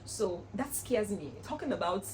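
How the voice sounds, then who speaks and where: A young woman in her twenties, a vlogger telling a personal story to camera in an earnest, animated way. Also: mid-range voice, normal speed, a little hiss or hum, poor audio. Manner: earnest, animated, with laughs and reenacted quotes.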